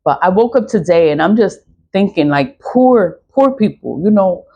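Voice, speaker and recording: A woman's voice: medium pitch, animated, moderate pace, muffled recording. A woman talking casually to her viewers in a rambling, profane monologue, laughing often as she talks. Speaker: spiritual vlogger selling cleansing products.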